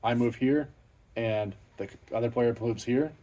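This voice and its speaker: A middle-aged man's mid-range, dark voice comes through at a slightly slow pace as he hosts an unscripted vlog for his car channel from his home garage. He's profane and plain-spoken, swearing freely and speaking bluntly with a self-deprecating edge.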